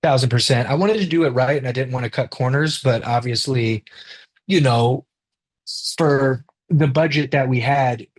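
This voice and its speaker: A man's voice: medium pitch, normal speed. A man in his thirties, a guest in an interview, telling stories casually, acting out the people he quotes and swearing freely. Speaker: interview guest, rapper and director.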